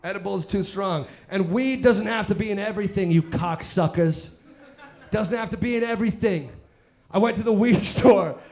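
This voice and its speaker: On a live stage, a man does stand-up comedy in a high-pitched voice at normal speed, rambling and profane as he works the crowd with bursts of shouting.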